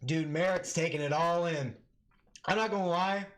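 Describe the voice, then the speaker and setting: Excitable male MMA stream commentator. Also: a little high, normal speed. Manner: excitable, yelling at big moments, casual slang. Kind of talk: live play-by-play commentary.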